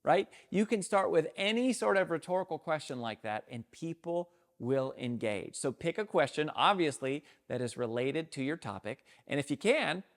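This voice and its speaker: A middle-aged man, a speaking coach, giving an energetic, emphatic talk to camera on how to open a speech. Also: fairly high pitch, moderate pace, few pauses. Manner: energetic, emphatic, acts out sample openings.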